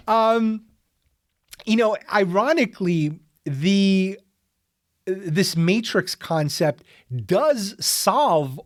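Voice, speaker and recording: A man's voice: high voice, no room sound, studio quality. Sarcastic rambling male podcaster. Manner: rambling, sarcastic, lots of fillers and restarts; drifts into tangents and laughs at his own jokes. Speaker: podcast host. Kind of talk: comedic solo podcast rant.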